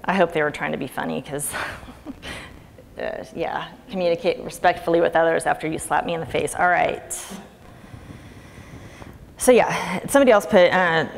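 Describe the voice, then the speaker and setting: Casting: middle-aged woman, low gravelly voice, snarky and chatty, speaking in a reverberant hall. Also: normal speed, pauses often. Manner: chatty, sarcastic, laughs often. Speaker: conference speaker. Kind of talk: conference talk. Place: lecture hall. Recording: reverberant hall with faint ambient noise.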